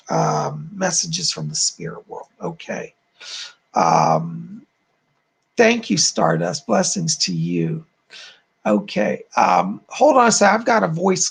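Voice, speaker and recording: A man's voice: sits high, creaky, fairly bright tone, husky. A man hosting a live-stream psychic chat, effusive and chatty, often thanking his viewers. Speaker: psychic and channel host.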